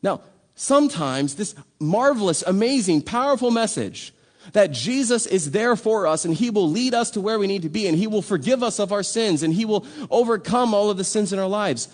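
A man's voice: sits high, animated, normal speed. A man preaching a sermon in a conversational, emphatic way, full of rhetorical questions. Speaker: pastor.

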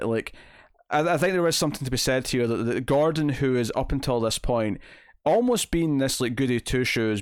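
A man's voice: medium pitch, clean tone, no echo, clean studio sound. A man co-hosting a casual comic book discussion, rambling with many fillers and restarts, acting out lines as he retells scenes. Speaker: podcast co-host.

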